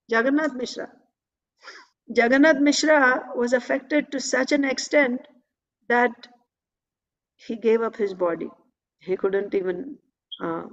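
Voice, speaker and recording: A woman's voice: a little high, lo-fi sound. A woman reading and explaining a devotional scripture in a class. She repeats phrases and often checks in with "right?".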